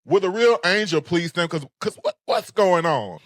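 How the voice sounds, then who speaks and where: A man co-hosting a casual recap show, talking in a sassy, animated way. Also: high-pitched, normal speed, no room sound, studio quality. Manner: sassy, animated, sings phrases. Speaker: podcast co-host.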